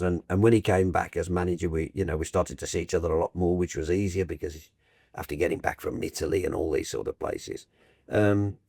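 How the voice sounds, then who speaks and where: An older man, a broadcaster guest telling stories in casual chat with animated, restarting sentences. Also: low-pitched, vocal fry, husky, dry recording, clean studio sound. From Birmingham, England. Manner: warm anecdotal, animated, trailing restarts.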